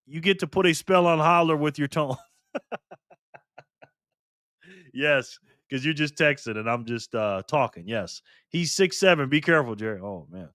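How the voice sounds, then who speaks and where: A man's voice: on the high side, a bit bright, no echo, studio quality. A man hosting a casual live stream, reading the chat aloud and talking back to viewers in an upbeat, chatty way. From Nevada.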